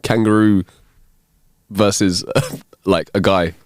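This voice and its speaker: A man's voice: lowish voice, steady tone, slow pace, darkish tone, no room sound, clean studio sound. A man co-hosting a casual comedy podcast, dropping wry comments and chuckling often. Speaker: podcast co-host.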